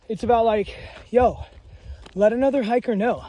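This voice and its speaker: A man's voice: high voice, moderate pace, pauses often, dark tone. A young man vlogging outdoors on a hiking trail, talking casually with slang and swearing, ranting about other hikers. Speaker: long-distance hiker filming his trail day. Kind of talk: casual vlog.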